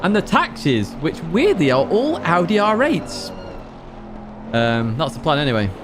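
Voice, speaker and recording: In a fairly high, sing-song voice and a slightly slow delivery, a man from Blackpool, England, rambles casually through his racing-game stream, reading chat and laughing often. Music plays in the background alongside game engine noise.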